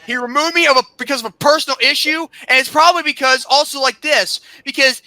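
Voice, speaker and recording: Shrill, bright-voiced man ranting indignantly. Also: a little fast, few pauses, no echo. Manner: heated, indignant, breaks into shouting; sarcastic, mocking. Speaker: podcast host. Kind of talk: angry rant.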